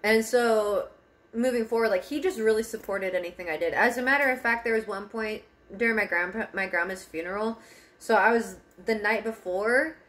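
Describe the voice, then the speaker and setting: A woman's voice: mid-range voice, moderate pace, a bit bright. A young woman telling a personal story in a casual car vlog, candid, laughing often and swearing freely. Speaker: vlogger. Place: parked car.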